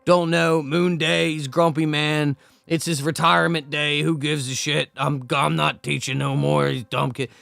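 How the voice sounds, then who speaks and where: A man co-hosting a casual movie review podcast, joking around and throwing in sound-effect shouts. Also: a little high, normal speed, creaky, dry recording. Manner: animated, jokey, sound-effect interjections. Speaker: podcast co-host.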